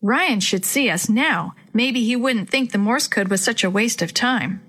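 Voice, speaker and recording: A woman reading aloud, voicing a worried young boy who speaks softly. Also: on the high side, lively intonation, measured pace, breathy edge, heavily acted. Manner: soft, subdued. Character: worried young boy searching for his friend.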